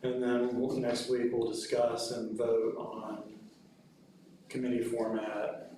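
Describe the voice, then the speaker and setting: A man chairing a city committee meeting, laying out next steps in a brisk, organizing way. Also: medium pitch, completely flat delivery. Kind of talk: running a meeting. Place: public meeting room. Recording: echoey room from far off, noisy.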